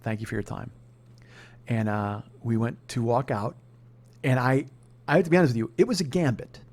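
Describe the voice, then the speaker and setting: A man's voice: mid-range voice, animated, a little fast, a little mellow. A man hosting a podcast, telling a comedic story in a profane, heated rant. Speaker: podcast host.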